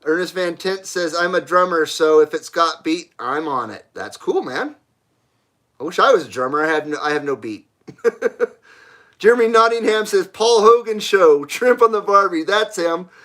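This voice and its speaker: Profane, lively-voiced male stream host. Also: high voice, moderate pace. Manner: blunt, profane, laughs often. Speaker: live stream host reading chat. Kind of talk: casual live stream chat.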